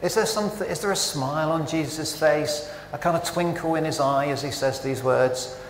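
Guy giving a sermon, kinda high voice, lots of questions, roomy church echo, faint hum behind. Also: moderate pace. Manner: conversational, self-interrupting, animated rhetorical questions. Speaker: preacher. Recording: echoey church with long reverb.

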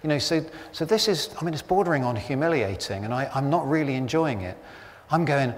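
A man's voice: mid-range voice, lively intonation, a little fast, slight background noise. A middle-aged man preaching a sermon as pastor, talking in a chatty, anecdotal way with wry humour. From Britain. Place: church. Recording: church hall reverb, faint ambience.

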